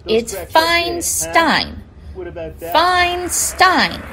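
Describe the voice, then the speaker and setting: A woman's voice: fairly high pitch, big pitch swings, takes it slowly, fairly bright tone, full character voice, rough recording. A woman doing an impression of an elderly female senator, crabby and swearing. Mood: annoyed. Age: older. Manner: irritable, profane grumbling.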